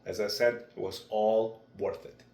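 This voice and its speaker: A young man talking through his speaking practice in a vlog, with a deliberate, measured delivery. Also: fairly low pitch, flat delivery, vocal fry, dark tone. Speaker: vlogger. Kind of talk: reflective speech-practice vlog. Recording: roomy echo.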